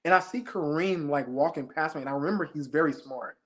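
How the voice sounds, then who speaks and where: Animated young man telling a story. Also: a little high. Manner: fast, excited retelling, acting out his own shouts. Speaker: interview guest, former game show contestant. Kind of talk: animated storytelling in casual chat.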